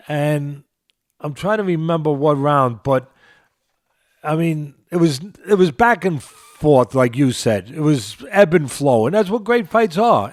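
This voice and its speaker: A man's voice: fairly high pitch, no room sound, studio quality. Emphatic older man with a New York accent. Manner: emphatic, repeats phrases for emphasis. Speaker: boxing trainer and show host. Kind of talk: boxing analysis podcast talk.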